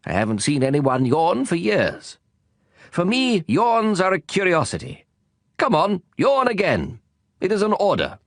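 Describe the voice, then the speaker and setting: A man's voice: high-pitched, huge pitch swings, a little slow, no room sound, studio quality, pitched above the performer's own voice, full character voice. Casting: man voicing a pompous elderly king for a storybook, raised, commanding, formal. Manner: grand, commanding, stiffly formal.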